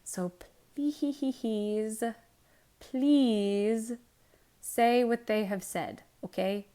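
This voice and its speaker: Woman doing a nervous male messenger, low and hushed, pleading. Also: drawn-out words. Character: anxious male royal messenger.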